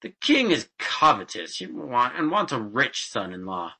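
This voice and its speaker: A man voicing a greedy, boastful young farmer who speaks slowly and indignantly. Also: medium pitch, sing-song, creaky, pushed and bright, husky, full character voice. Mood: demanding. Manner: slow, demanding, indignant.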